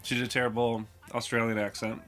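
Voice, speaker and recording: A man co-hosting a casual reaction show, joking and rambling with excitable jumps in pitch. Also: fast, soft background music. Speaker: co-host of a reaction channel.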